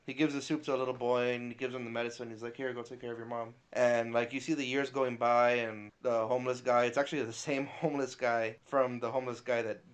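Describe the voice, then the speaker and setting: A man's voice: mid-range voice, fast talker, hardly any pauses, clear, resonant tone. A man retelling a story in casual podcast chat, swearing freely and getting emotional. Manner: animated, swears a lot, gets emotional. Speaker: podcast co-host.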